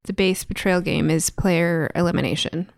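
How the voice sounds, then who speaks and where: A woman's voice: lowish voice, fairly even intonation, normal speed, creaky. A woman chatting casually about board games, laughing often. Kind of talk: casual chat.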